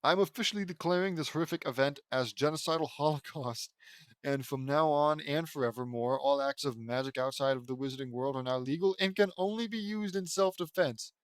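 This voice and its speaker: A man's voice: fairly high pitch, a little fast, no room sound, natural voice. A man reading a solemn wizard council elder.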